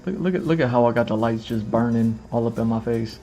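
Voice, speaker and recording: A man's voice: mid-range voice, fast, dark tone, soft background music. A man chatting casually on a livestream to his camera, rambling, repeating phrases and filling gaps with "you know what I mean". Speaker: streamer. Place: indoors in front of a camera with lights.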